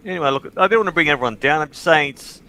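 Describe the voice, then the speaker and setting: A man hosting a livestream, telling stories in casual chat, swearing freely and getting animated in bursts. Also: fairly high pitch, very fast, low-quality recording. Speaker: livestream host.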